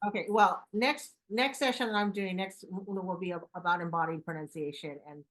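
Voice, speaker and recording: A woman moderating an online session on a video call, passing on questions in a brisk, chatty way. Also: on the low side, fairly even intonation, fairly bright tone. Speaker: session host.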